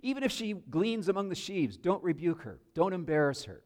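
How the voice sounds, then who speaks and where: A man voicing a kindly, generous landowner who speaks in a warm, eager, coaxing way. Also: sits high, sing-song, brisk, pitched above the performer's own voice. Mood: insistent.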